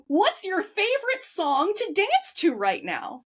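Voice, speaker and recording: A woman hosting an interview podcast in a high voice that swoops all over. She asks her questions in a bubbly, teasing way, as if running a quick-fire game. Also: wildly swooping pitch, a bit bright. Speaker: podcast host.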